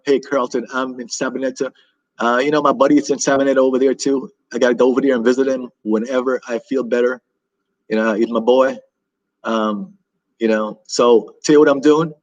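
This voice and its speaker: A worn-out American man talks loosely to his livestream viewers, circling back and repeating himself. His voice is husky, sits in an ordinary middle pitch, and carries the fatigue of someone recovering from illness. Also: rough recording. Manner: rambling and repetitive, with many restarts and fillers. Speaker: travel vlogger hosting a livestream. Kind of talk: casual livestream chat.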